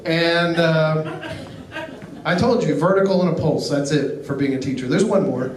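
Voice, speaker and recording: A middle-aged man doing a stand-up comedy set, telling stories in a deadpan way and acting out quotes. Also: a little high, moderate pace, slight background noise. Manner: deadpan storytelling with acted quotes. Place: comedy club stage. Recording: echoey club, picked up from far off. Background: audience laughter.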